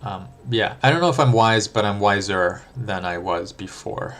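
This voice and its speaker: A man's voice: fairly low pitch, moderate pace, fairly bright tone. A young adult man streaming live, answering chat in a reflective, thinking-aloud way with frequent ums and restarts. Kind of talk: casual livestream chat.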